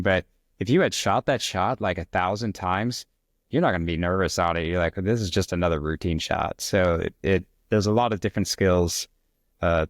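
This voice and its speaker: Deep-voiced man hosting an interview. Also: no echo, clean studio sound. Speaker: podcast host. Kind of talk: casual interview.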